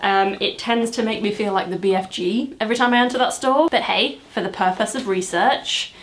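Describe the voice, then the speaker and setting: A young woman talks fairly quickly at medium pitch while struggling into outfits for a relaxed try-on vlog. Chatty and self-deprecating, she groans, exclaims, and gets breathless at times, with a reverberant sound around her.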